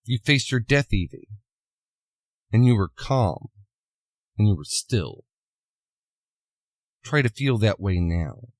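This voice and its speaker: A man voicing a calm, solemn masked male vigilante, speaking in a measured, earnest way. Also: lowish voice, dry recording, full character voice. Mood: urgent.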